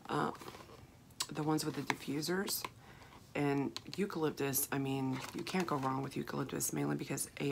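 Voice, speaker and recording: A craft haul vlogger chats casually in a soft, very deep voice that's rough, froggy and gravelly, and she clears her throat now and then. She rambles along with fillers and restarts. A clear hiss sits in the background, and packaging crinkles nearby.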